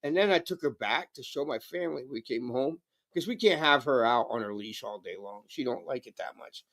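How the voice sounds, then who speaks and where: A man's voice: medium pitch, lively intonation, a little fast, a bit bright. A man chatting casually on a live stream, rambling and swearing while stoned. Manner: rambling, swearing, laid-back. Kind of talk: casual chat.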